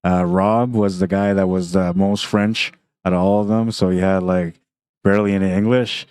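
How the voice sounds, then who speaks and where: A man's voice: low voice, moderate pace, smooth, no room sound. A man doing live commentary on a pool tournament stream, chatting casually and reading viewer comments between shots. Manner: relaxed, chatty, laughs often. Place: tournament venue.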